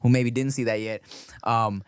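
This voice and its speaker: A man's voice: mid-range voice, fairly even intonation, moderate pace, clear, resonant tone, no room sound, clean studio sound. A man hosting a podcast, chatting casually in slang and rambling through stories. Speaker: podcast host. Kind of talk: casual chat.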